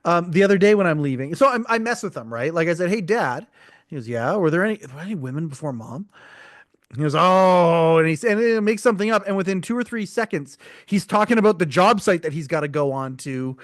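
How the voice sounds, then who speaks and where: A man's voice: high-pitched, expressive, fast talker, few pauses, dry recording, studio quality. A middle-aged man, hosting a podcast in casual chat, joking and candid, laughing often. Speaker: podcast host.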